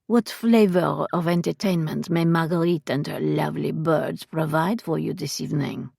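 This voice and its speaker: A woman narrator voicing an aging brothel madame with a husky, low voice and a thick put-on French accent, composed and inscrutable. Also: steady tone, normal speed, a little mellow, no echo, studio quality, full character voice. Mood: suave. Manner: smooth and inscrutable. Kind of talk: audiobook character voice.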